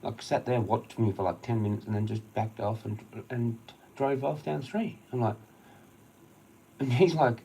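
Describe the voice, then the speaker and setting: A man's voice: mid-range voice, normal speed, vocal fry, mellow, slight background noise, rough recording. A man with an Australian accent, ranting on a livestream, swearing heavily and rambling through an agitated story. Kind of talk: casual rambling rant.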